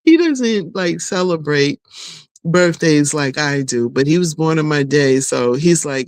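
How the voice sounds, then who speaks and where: A woman's voice: deep voice, measured pace, dry recording. Chatty woman vlogger losing her voice. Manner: chatty, rambling, folksy, laughs often. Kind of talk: casual vlog chat.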